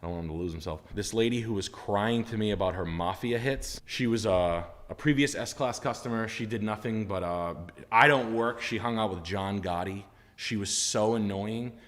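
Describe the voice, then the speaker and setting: A man's voice: on the low side, normal speed, in a large hall. A man telling funny work stories on a live stream, acting out the voices of the people in them and swearing freely. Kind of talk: casual storytelling chat.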